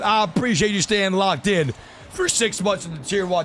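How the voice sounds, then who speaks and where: A man's voice: high-pitched, normal speed, a bit bright, a little hiss or hum. A man livestreaming a game, talking to chat in frustrated rants and swearing freely. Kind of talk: gaming livestream commentary.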